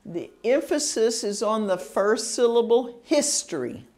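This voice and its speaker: A woman's voice: medium pitch, sing-song. Patient woman teacher drilling pronunciation. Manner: slow, patient, over-enunciating words. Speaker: citizenship test teacher. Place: classroom.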